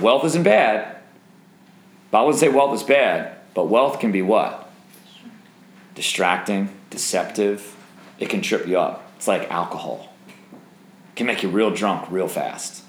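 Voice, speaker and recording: A man's voice: low-pitched, slight background noise. A man leading a Bible study for young singles, talking conversationally, quizzing the group and joking. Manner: conversational, asks the group questions and jokes. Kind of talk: interactive Bible teaching. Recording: roomy echo.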